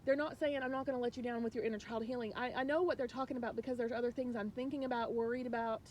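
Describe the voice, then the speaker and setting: Earnest, rambling woman coach, fairly high voice. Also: steady tone, very fast, darkish tone, slight background noise. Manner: earnest, rambling, many restarts; emotional, confiding. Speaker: spiritual life coach. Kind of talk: casual spiritual message to viewers.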